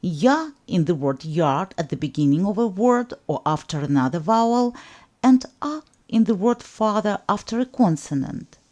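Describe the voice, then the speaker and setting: A woman teaching alphabet pronunciation, speaking deliberately and enunciating each sound so it can be repeated. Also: fairly low pitch, expressive, darkish tone. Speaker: language teacher. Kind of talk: slow instructional narration.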